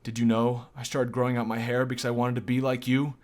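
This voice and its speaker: A man's voice: medium pitch, level tone, fast talker, a little mellow, close to an everyday voice. A man reading the lines of a dreamy, affectionate schoolgirl aloud in his own plain voice. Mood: tender. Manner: plain read-aloud delivery.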